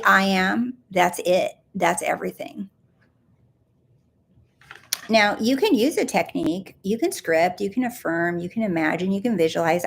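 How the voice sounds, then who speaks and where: A woman's voice: medium pitch, gravelly. Emphatic woman coaching on a live stream. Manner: emphatic, playful, repeats words for effect. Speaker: manifestation coach.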